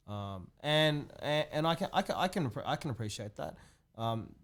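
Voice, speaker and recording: A man's voice: mid-range voice, animated, a bit bright. A man co-hosting a podcast, talking casually with frequent restarts. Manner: halting, many restarts and fillers. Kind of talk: casual chat.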